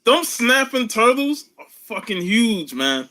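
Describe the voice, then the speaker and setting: A man's voice: very high-pitched, big pitch swings, slow pace, pushed and bright. A man in a casual chat, recalling things in a laid-back, slangy way. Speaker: podcast co-host.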